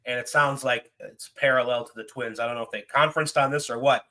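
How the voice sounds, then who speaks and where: A man's voice: mid-range voice, steady tone, fast talker, sharp tone. A man, co-hosting a casual chat with easygoing, wry asides. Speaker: podcast co-host.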